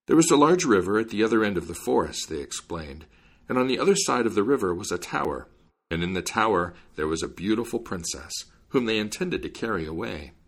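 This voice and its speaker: Male storybook reader, low husky voice, expressive lively delivery. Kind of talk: fairy tale reading.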